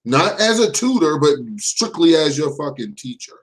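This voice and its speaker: A man's voice: on the high side, lively intonation, moderate pace, poor audio. A man hosting a live call-in show, ranting heatedly and cursing often. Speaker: show host.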